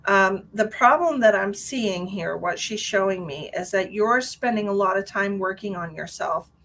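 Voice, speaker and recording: A woman giving a live-streamed psychic reading in a chatty, animated way, with many restarts and a lot of "like". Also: mid-range voice, moderate pace, slight background noise, poor audio. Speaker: psychic medium.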